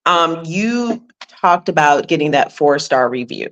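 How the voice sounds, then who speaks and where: A woman's voice: low-pitched, animated, measured pace, fairly bright tone, muffled recording. A woman hosting an interview as a life coach, encouraging and reflective, speaking straight to her listeners. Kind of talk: conversational interview.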